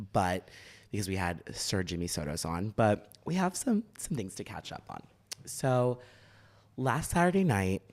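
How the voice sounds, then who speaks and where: Animated young Philly man telling stories. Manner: animated, acts out quotes with big shifts in pitch. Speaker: podcast co-host. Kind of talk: casual storytelling chat.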